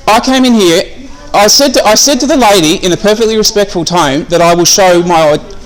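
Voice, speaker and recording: Insistent Australian man arguing. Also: high voice. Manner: insistent, argumentative, repeats his questions. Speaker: member of the public filming police. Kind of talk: confrontational argument. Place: police station reception area, indoors.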